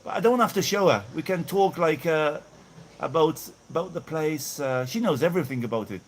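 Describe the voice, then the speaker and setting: A man's voice: a little high, animated, brisk, a little hiss or hum. Chatty middle-aged Brummie man, rambling. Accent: Birmingham English. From England. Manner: rambling, chatty, laughs often, thanks viewers by name. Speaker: live-stream vlogger. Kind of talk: casual live chat, reading out viewer messages. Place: outdoors in hot weather.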